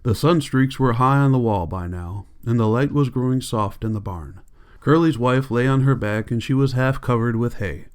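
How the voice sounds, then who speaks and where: A man narrating an audiobook in a calm, measured reading. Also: medium pitch, clear, resonant tone. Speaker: audiobook reader.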